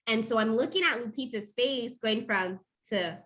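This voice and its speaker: Woman cohost chatting, bright slightly high voice, gets really animated telling stories. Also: normal speed. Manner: animated storytelling, acts out her own reactions. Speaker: podcast co-host. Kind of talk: casual chat.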